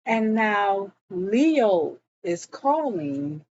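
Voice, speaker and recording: A woman walks through a TV episode in a relaxed, unhurried recap. She strings the scenes together with "and then" and "he was like". The recording sounds a little muffled, with a faint hum underneath. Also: medium pitch. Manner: retells scenes with frequent "and he was like". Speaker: show recap vlogger.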